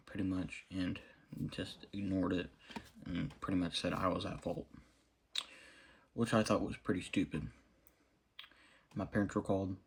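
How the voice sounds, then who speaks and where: A young man quietly recounting a personal story, halting with many fillers and restarts. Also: deep voice, level tone, breathy edge. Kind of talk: storytelling monologue.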